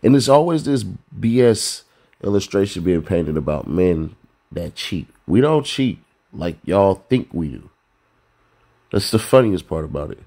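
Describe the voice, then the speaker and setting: A man's voice: low-pitched, very animated, unhurried, mellow. A man hosting a commentary rant, blunt and profane, lecturing viewers with rhetorical questions. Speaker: commentary host.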